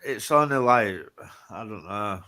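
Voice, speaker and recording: A man from England talks bluntly during a casual livestream. He tends to grumble as he chats. His voice sits fairly low. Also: animated, unhurried, crowd noise.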